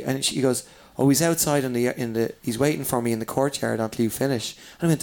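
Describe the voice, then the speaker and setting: A man, a comedian, spinning lively stories in a relaxed pub chat. He swears a lot and slips into the voices of the people he's describing, at a middling pitch. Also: fast. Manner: swears freely, animated storyteller acting out voices. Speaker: comedian guest. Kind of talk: casual storytelling chat. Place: downstairs in a pub.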